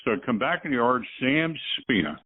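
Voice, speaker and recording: A man's voice: medium pitch, very animated, a little fast, slightly rough. An older man, a veteran truck driver and guest, telling rambling stories with chuckles in a casual conversation. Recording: tinny phone line.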